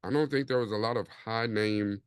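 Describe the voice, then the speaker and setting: A man with a lowish, smooth, resonant voice hosts a casual podcast, talking in a relaxed, rambling way. He leans on fillers often, and the close mic sounds dry. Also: a little fast, no room sound. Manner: laid-back, rambling, frequent fillers. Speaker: podcast host.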